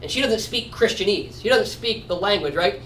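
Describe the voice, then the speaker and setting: A man runs an informal Bible study in a chatty way, often checking in with "right?" His high voice has lively intonation, a moderate pace and a slightly bright tone. A far-off mic adds roomy echo and slight background noise.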